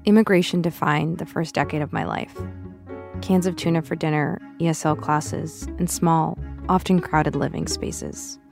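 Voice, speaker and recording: A young woman, raised in the US after arriving from Russia, reading a personal essay in a reflective, measured, confessional way. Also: sits low, fairly even intonation, creaky, darkish tone, faint music behind.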